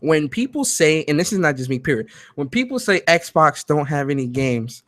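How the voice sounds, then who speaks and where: Male streamer host, pitched a touch high, dry close mic, loose, profane and quick to laugh. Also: no echo. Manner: animated, profane, laughs loudly, reads chat aloud. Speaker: host of a gaming talk show. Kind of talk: live-streamed commentary chat. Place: home.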